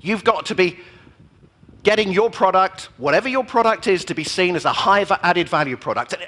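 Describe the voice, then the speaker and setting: A British man giving a motivational business keynote, telling stories with animated, punchy emphasis. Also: sits high, normal speed, big-room sound. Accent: British English. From Britain.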